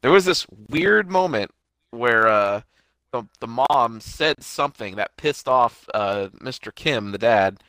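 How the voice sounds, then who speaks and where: A man's voice: medium pitch, animated, a little slow, sharp tone, no echo, poor audio. A young man casually discussing a movie, hesitant and unsure, swearing now and then. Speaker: podcast co-host. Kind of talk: casual movie review chat.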